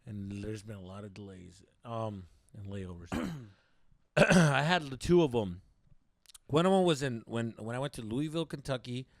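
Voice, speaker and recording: Young male podcast co-host, mid-pitched, casual and profane, dry studio mic. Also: moderate pace, no echo. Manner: profane, animated, rambling with many fillers. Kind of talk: casual storytelling chat.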